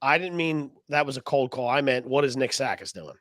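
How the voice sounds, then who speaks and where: A man's voice: mid-range voice, animated, brisk, a bit bright, no room sound, studio quality. A man co-hosting a real estate podcast, joking around, swearing and chatting casually. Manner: joking, profane, talkative. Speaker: podcast co-host. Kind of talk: casual chat.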